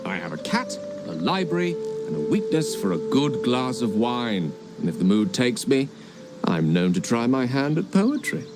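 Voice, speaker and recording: A man's voice: mid-range voice, sing-song, moderate pace, lightly acted. A man voicing a charming, self-assured male wizard in a video game, speaking with a witty, theatrical manner. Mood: boastful. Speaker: game character. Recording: game audio with music underneath. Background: game music.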